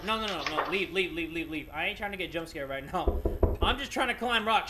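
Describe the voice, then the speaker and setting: Excitable young man gaming, high lively voice. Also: fairly quick, noisy background. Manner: excitable, joking, loud outbursts and crude humor. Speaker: gaming YouTuber. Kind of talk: let's-play commentary.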